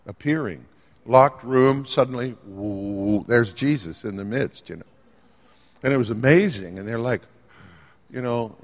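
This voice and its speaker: Lively man preaching in a reverberant hall. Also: medium pitch. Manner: lively, conversational, jokes with the audience. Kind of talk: sermon. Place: church hall with live congregation.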